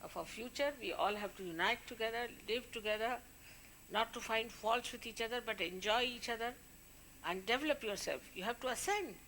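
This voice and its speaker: A woman's voice: a little high, fairly quick, a bit bright, slight background noise. A woman, a spiritual leader, giving an informal talk to her followers, warning and scolding them in a conversational way.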